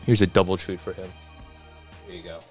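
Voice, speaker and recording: A man hosting a casual livestream, reading viewer comments aloud in a relaxed, chatty way and adding quick asides. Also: low voice, faint music behind. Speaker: livestream host.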